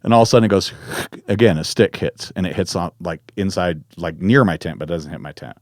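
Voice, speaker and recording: Low-voiced man telling a wild story. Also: fast, no room sound, studio quality. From Northern California. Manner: animated, profane, full of restarts. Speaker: podcast guest. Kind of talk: casual storytelling in conversation.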